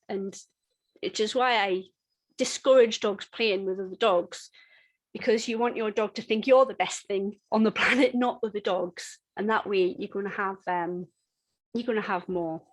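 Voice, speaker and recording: A middle-aged woman giving a dog-training webinar in a chatty, conversational way, with frequent restarts and lively bursts when acting out games. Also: mid-range voice, low-quality recording. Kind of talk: webinar teaching.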